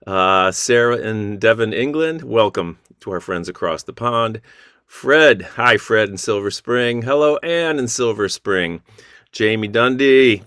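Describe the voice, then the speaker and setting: Man host, low voice, dry close sound, greeting names one by one on a video call. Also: animated, unhurried, fairly bright tone, clear, resonant tone, no echo. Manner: friendly, reading out viewer names. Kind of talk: online sing-along greeting.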